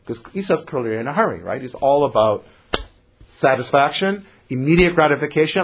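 A man's voice: on the high side, very animated, moderate pace, fairly bright tone, slight background noise. A man teaching a scripture class to a group, telling the story with acted-out lines and questions to the listeners. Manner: storytelling teacher who acts out the characters and quizzes the audience. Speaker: rabbi teaching a Torah class. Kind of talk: animated Torah lecture.

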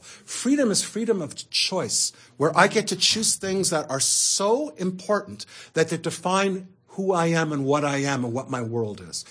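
Husky animated rabbi teaching. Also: male voice, sits high. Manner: animated, conversational, rhetorical questions. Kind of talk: Torah lecture.

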